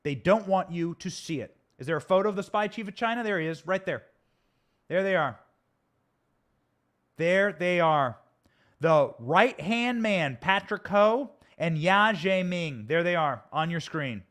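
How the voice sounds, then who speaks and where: A man with a fairly high voice rants through his political commentary, angry and emphatic. He pushes every point with theatrical force, and he speaks from a studio. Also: animated, moderate pace, few pauses, fairly bright tone. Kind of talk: heated political commentary rant.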